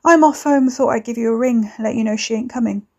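A woman's voice: fairly high pitch, brisk, slightly rough, lo-fi sound, pitched above the performer's own voice. Woman voicing a smug, taunting young man. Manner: smug, mocking, drawling.

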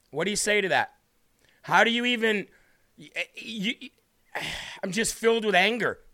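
A man's voice: sits high, expressive, a little slow, long pauses, pushed and bright. A man hosting a live-streamed political talk show, fiery and indignant, repeating himself and reading chat comments aloud.

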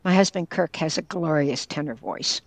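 Older pennsylvania woman telling a story on a podcast interview, lowish voice, earnest and frank, dry sound. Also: normal speed, dry recording. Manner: earnest, candid, tells a personal story and quotes others directly. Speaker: guest, caregiver and former teacher.

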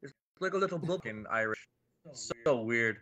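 A man's voice: mid-range voice, lively intonation, moderate pace, fairly bright tone. A man guesting on a podcast as a creature actor, chatting in an easygoing way. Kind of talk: casual chat.

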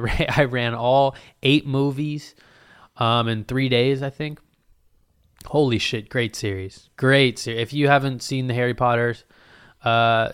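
A man's voice: mid-range voice, a bit bright, smooth, dry recording, clean studio sound. A man, hosting a podcast alone in a casual, profane, rambling and jokey way. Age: 20s. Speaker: podcast host. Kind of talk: casual solo podcast rant.

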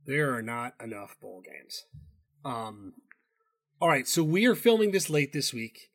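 A man's voice: mid-range voice, lively intonation, measured pace, fairly bright tone. A man co-hosting a casual sports betting chat, loose and profane, rambling with restarts. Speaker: podcast co-host.

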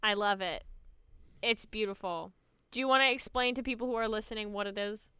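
A woman co-hosting a podcast in casual chat, animated and quick to exclaim. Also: medium pitch, smooth, no room sound, studio quality. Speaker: podcast co-host.

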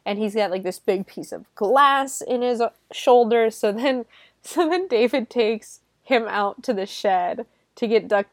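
A woman reviews a horror film from home in loose, chatty talk. She swears often and laughs her way through the gory parts. Her voice sits at a middle pitch, recorded dry and close. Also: no room sound. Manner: chatty, profane, lots of fillers and laughter. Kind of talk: casual spoken movie recap. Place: home room.

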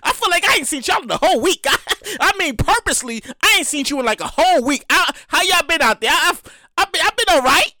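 A man's voice: very high-pitched, expressive, quick pace, pushed and bright, no room sound. A man in his thirties hosting his own podcast, talking loosely and casually, repeating words and swearing freely. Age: 30s. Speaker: podcast host. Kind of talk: casual solo podcast monologue.

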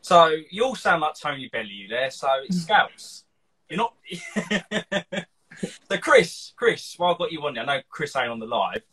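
A man's voice: a little high, big pitch swings, measured pace, bright, forceful tone, breathy edge, poor audio. A man from Cheshire hosting a casual live chat, rambling and laughing often. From Cheshire, England. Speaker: host of a live show.

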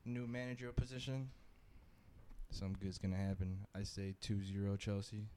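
A man joining a casual sports podcast, giving his pick in a flat, matter-of-fact way. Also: on the low side, moderate pace, slight background noise. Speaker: podcast guest.

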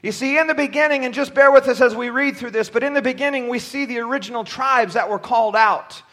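A man preaching a sermon from a church pulpit, shouting at times and dropping low at others, often stumbling over his words. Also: quick pace. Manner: impassioned, swings from shouting to near-quiet.

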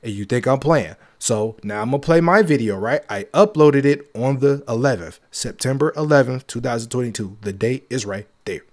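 A man's voice: mid-range voice, animated, moderate pace, hardly any pauses. Emphatic man ranting to his audience. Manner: emphatic and repetitive, joking asides. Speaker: podcast host. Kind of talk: casual monologue.

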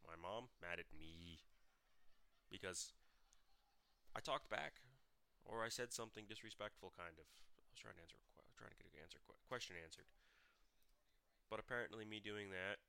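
Low-voiced man with a sharp, tense tone. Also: normal speed, vocal fry, long pauses, clean tone. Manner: blunt, profane, frequent restarts. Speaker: podcast host. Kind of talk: solo podcast storytelling.

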